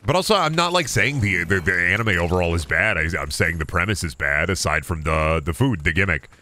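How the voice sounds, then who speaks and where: A man's voice: sits low, lively intonation, fairly quick, pushed and bright. A man streaming a game, ranting cynically and with plenty of swearing in a casual chat. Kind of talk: casual chat while gaming.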